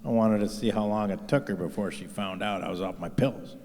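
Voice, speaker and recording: A man's voice: on the low side, brisk, darkish tone. A man doing a stand-up comedy set on stage, rambling and swearing freely in a self-deprecating way. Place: stage in a live venue. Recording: live venue with long hall reverb.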